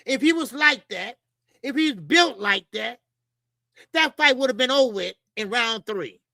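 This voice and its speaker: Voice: mid-range voice, lively intonation, measured pace, vocal fry, sharp tone, no echo. A boxing channel host giving blunt, profane opinions straight to viewers, often repeating lines for emphasis.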